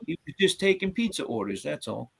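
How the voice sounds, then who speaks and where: A man's voice: fairly high pitch, big pitch swings, fairly quick, gravelly, fairly bright tone, slightly rough. A man hosting a casual live-stream chat, rambling with lots of fillers. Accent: New York. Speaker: host.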